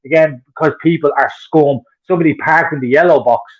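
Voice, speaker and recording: An Irish man rants through his stories at a rapid clip, swearing freely as he goes. His voice sits a little high for a man, and the recording sounds dull and lo-fi. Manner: profane, heated ranting storyteller. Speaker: podcast co-host. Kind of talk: casual chat.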